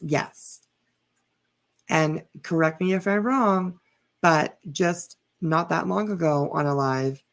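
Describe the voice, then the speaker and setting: A woman's voice: deep voice, vocal fry. A woman hosting a commentary channel, reacting to clips in a scornful, mocking way with many fillers.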